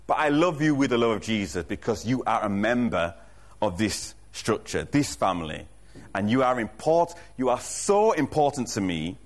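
A man preaching a sermon as pastor, earnest and emphatic, repeating his key lines and often restarting a phrase mid-thought. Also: low voice. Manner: frequent restarts and self-corrections. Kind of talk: sermon to a congregation.

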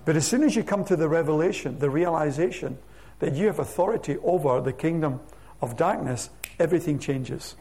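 A man preaching a sermon to his church, reading scripture aloud with slow, emphatic stress. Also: a little high, expressive, warm tone. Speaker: pastor. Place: church sanctuary.

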